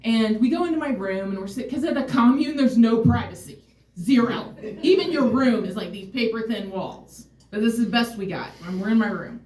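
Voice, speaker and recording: A woman's voice: fairly high pitch, animated, brisk, darkish tone. A woman telling a personal story on stage, candid, wry and emotionally open. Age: adult, mother of a son. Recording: roomy hall, mic far off.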